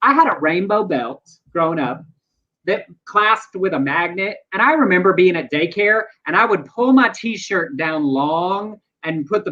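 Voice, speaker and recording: A man's voice: high voice, bright, forceful tone, lo-fi sound. A man co-hosting a live news chat show, offering earnest, reflective commentary and personal stories. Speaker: co-host.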